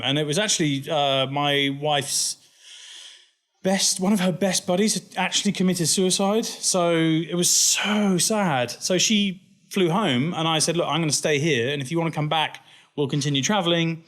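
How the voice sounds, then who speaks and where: A man's voice: a little high, normal speed. A man, a company founder chatting as an interview guest and acting out the people in his stories with a laugh. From England. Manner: animated, laughing storyteller who acts out quoted people. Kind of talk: casual interview storytelling.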